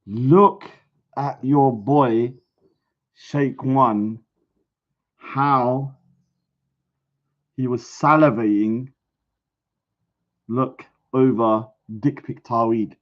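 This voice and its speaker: A man's voice: mid-range voice, fairly even intonation, extremely slow, pauses often. A man ranting and mocking his rivals in a casual vlog, swearing often, recorded at home in a bungalow. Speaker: vlogger. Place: bungalow room. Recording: dull lo-fi recording.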